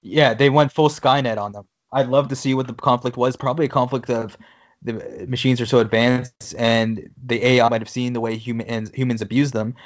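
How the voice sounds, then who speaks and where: A man's voice: mid-range voice, fairly even intonation, fairly quick, highs cut off. A man co-hosting a podcast, recapping an episode in casual chat with playful jokes. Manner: recaps scenes by reading out dialogue, then jokes. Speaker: podcast co-host.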